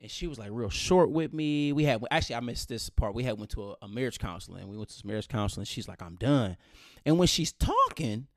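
Animated storytelling man, dry close sound. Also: mid-range voice, fast talker, hardly any pauses, no room sound. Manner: animated, slangy, acts out voices. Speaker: podcast host. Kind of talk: casual storytelling.

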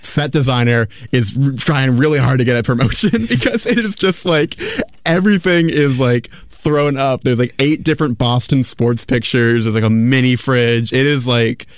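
A man's voice: mid-range voice, normal speed, no room sound. Man, comedy podcast co-host, rambling jokey delivery, dry studio sound. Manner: rambling, joking, laughs often. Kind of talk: casual comedic chat.

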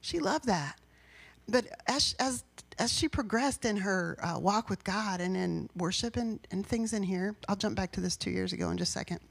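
A woman's voice: mid-range voice, normal speed, vocal fry, breathy edge. A woman pastor giving a sermon in a personal, conversational way, rising into emphatic bursts.

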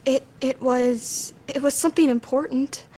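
A woman voicing a frightened, weeping young woman who stammers and sobs through every halting phrase. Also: high-pitched, fairly even intonation, warm tone, voice pushed up. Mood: tearful.

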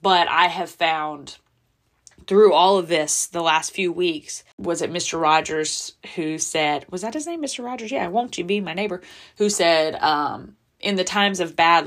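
A woman hosting a podcast alone, talking candidly and earnestly with pauses and restarts. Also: fairly low pitch. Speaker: podcast host. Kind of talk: personal reflective monologue.

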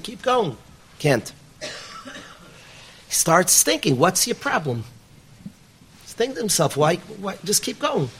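An earnest man with a fairly high voice delivers a sermon to a live audience. He tells a story with emphatic, repeated phrases. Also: fairly bright tone, husky. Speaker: rabbi teaching yeshiva students.

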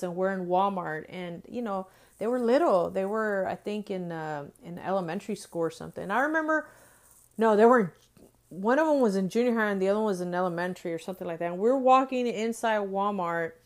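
A middle-aged woman tells a family story conversationally, then turns to an earnest devotional message. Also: mid-range voice. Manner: conversational, animated storytelling turning earnest and exhortative. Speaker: mother and devotional speaker.

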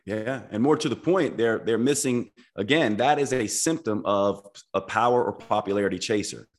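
A man's voice: on the low side, moderate pace. A man speaking as a podcast guest, explaining his ideas earnestly and reflectively, step by step. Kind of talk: casual podcast conversation.

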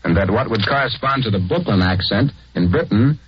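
A man narrating a scripted 1940s radio program in a brisk, wry manner, on a dull lo-fi recording. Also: fairly low pitch, expressive, noisy background.

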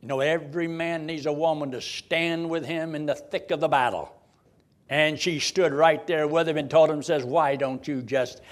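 Animated folksy preacher, high-pitched man. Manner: dramatic, folksy, rhetorical questions. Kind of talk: sermon.

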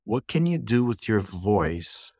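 Low-voiced male interviewer, affirming. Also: very animated, slow pace, a little mellow, breathy edge, no room sound, clean studio sound. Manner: affirming, brief. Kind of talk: interview questions.

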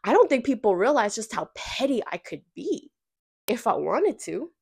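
With a fairly high, creaky voice carrying a breathy edge, a woman hosting a podcast rants casually about work at a normal speed. She's sassy and profane, acting out the quoted people in a lively telling.

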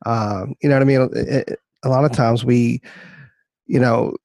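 A man's voice: medium pitch, steady tone, normal speed, darkish tone, dry recording. A man hosting an interview, giving short affirmations and asking follow-up questions. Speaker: host. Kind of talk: interview conversation.

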